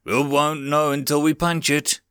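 A man voicing a grumpy, blunt young male goblin in a storybook reading, high and grumbling. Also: flat delivery, unhurried, a bit bright, clean tone, dry recording, clean studio sound.

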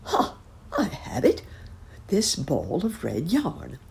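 Casting: a gentle, musing old rabbit gentleman with a gravelly low voice, as a woman puts him on. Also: huge pitch swings, takes it slowly, full character voice. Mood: thoughtful.

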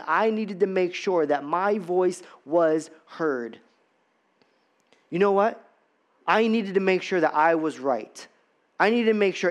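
A man preaching a sermon in a church, talking conversationally with many repetitions and rhetorical questions. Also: sits high. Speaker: pastor.

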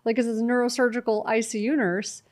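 A middle-aged woman, a guest in an interview, talking in a lively, storytelling way and acting out what others said to her. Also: on the high side, fairly quick. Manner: animated storytelling, quotes herself and others. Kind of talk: conversational interview.

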